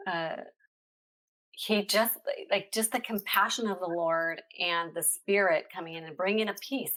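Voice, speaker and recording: A woman's voice: mid-range voice, a bit bright. A middle-aged woman speaking as a podcast guest, sharing a heartfelt faith testimony in an earnest, conversational way with frequent hesitations.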